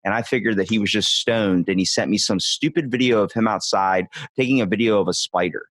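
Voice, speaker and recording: A man chatting casually as a podcast guest, telling animated stories and acting out quotes in a higher voice. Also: a little fast, dry recording. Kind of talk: casual storytelling chat.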